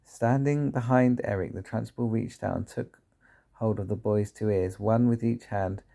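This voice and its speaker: A man's voice: on the low side, moderate pace, gravelly, mellow. A man reading a children's book aloud, sometimes stumbling and correcting himself. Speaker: reader.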